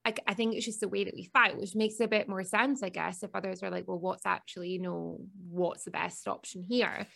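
A woman co-hosting a casual podcast, explaining her view in a reflective, measured way. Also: mid-range voice, steady tone, creaky, a bit bright. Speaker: podcast co-host.

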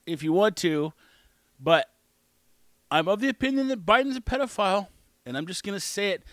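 A man's voice: high-pitched, animated, moderate pace, a bit bright, dry recording. A man hosting his own show, rambling through an opinionated casual monologue. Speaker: podcast host.

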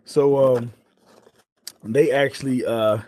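A man in his forties, a guest on a podcast, telling stories in an animated way with many restarts and fillers. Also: medium pitch, slow, no echo, studio quality. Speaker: guest, former pro football player turned entrepreneur. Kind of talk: storytelling podcast interview.

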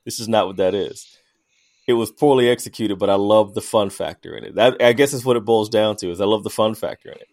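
A man co-hosting a podcast in casual debate chat, emphatic and animated, laughing as he argues. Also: lowish voice, quick pace. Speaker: podcast co-host.

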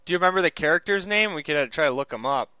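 Chuckling man, bright clear voice. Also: fairly high pitch, animated, rapid-fire, no echo. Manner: chuckles often, rambling with restarts. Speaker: podcast co-host. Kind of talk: casual chat.

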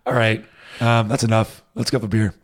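A man's voice: fairly low pitch, level tone, a little fast. A man hosting a podcast in casual chat, laid-back and jokey. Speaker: podcast host.

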